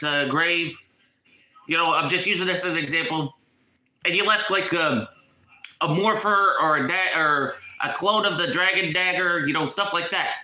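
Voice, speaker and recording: A blocked nose colors this male YouTuber's casual vlog. His bright, sharp voice sits high for a man and bounces in an echoey space; he sounds agitated and keeps repeating himself as he hunts for words.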